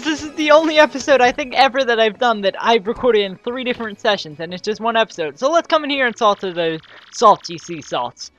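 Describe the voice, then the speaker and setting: A woman's voice: on the high side, expressive, brisk, hardly any pauses, dull audio, soft background music. A woman hosting a let's play, chatting casually and joking about her own reading and voices. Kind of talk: casual game commentary.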